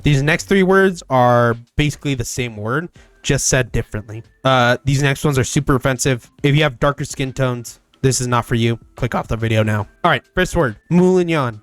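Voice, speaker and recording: A man's voice: medium pitch, normal speed, dry recording. Casual, profane young male gaming host. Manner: casual and profane, with loud excited bursts. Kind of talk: casual solo commentary.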